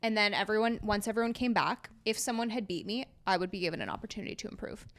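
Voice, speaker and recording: A young Canadian woman hosts a casual podcast. She banters playfully and teases her co-host. Her pitch is in the middle of the usual range. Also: quick pace, a bit bright.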